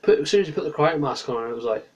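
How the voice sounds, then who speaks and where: A man's voice: medium pitch, expressive, racing. A tired man rambles through a late-night livestream from his small bedroom. He drifts from topic to topic and stops to answer his chat.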